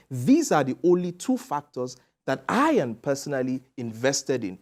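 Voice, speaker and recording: Lively Nigerian news panel commentator. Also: medium pitch, normal speed. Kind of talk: live news panel discussion.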